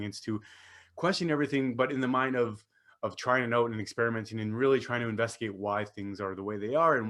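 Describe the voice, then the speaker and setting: Male podcast host, quick and chatty, middle pitch, repeats himself. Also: a bit bright. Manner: upbeat, chatty, repeats greetings and phrases. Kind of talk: solo podcast monologue.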